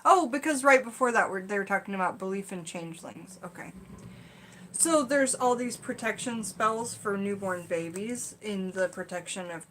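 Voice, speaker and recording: A woman's voice: mid-range voice, a bit bright, a little hiss or hum. A young woman in casual vlog chat, reading folk magic lore from a book and rambling off into chatty asides. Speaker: witchcraft vlogger.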